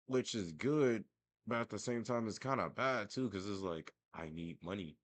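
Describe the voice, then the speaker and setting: Deep-voiced young man ranting. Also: moderate pace, dry recording. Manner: profane, rambling, self-mocking. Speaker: vlogger. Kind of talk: casual storytelling rant.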